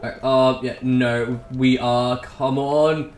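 Gamer man, unhurried, excitable and sweary; echoey room, faint hiss. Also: mid-range voice. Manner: excitable, swears and laughs, talks to himself. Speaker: gaming YouTuber. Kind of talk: casual gameplay commentary.

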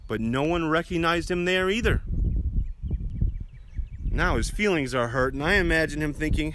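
Gentle man telling a children's sermon. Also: on the high side, animated, normal speed, pauses often, slight background noise. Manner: gentle, questioning storyteller. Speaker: children's message leader.

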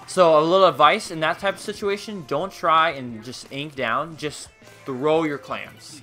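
A man's voice: medium pitch, bright, forceful tone. A man streaming and commentating a video game live in a playful, joking, rambling way.

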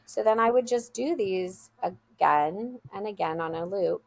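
A woman's voice: medium pitch, a little slow, creaky, hardly any pauses. A woman working as a school guide, telling an earnest, heartfelt story in an interview and repeating phrases for emphasis.

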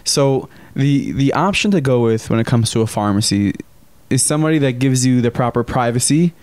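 A man's voice: mid-range voice, lively intonation, a little fast, darkish tone, smooth, dry recording. A man co-hosting a casual podcast, bantering with a guest and reading an ad in an upbeat way. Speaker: podcast co-host. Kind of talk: casual podcast chat and live ad read.

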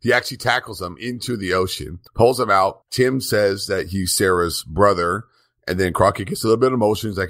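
A man with a low, deep voice talks through a TV episode on a podcast. He keeps the recap brisk and casual and laughs often. The sound is dry and close. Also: a bit bright, no echo. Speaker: podcast co-host.

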